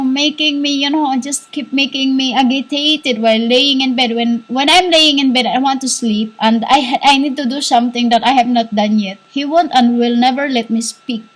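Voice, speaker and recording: A woman giving a rambling spiritual monologue, halting and repetitive, scolding her listeners as "humans". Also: high-pitched, rough recording. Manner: scolding, insistent. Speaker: self-styled spiritual teacher.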